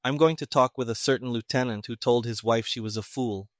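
A man reading a toneless, unhurried detective. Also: mid-range voice, dry recording, clean studio sound, natural voice. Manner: flat, even, unhurried. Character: calm detached male civilian detective, toneless.

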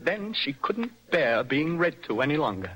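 A nervous young poet, breathy and lyrical. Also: male voice, a little high, very animated, normal speed, a bit bright, soft background music, heavily acted, rough recording. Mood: bitter. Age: young adult. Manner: swings between dreamy and impassioned outbursts. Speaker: romantic rival. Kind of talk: old-style radio drama acting.

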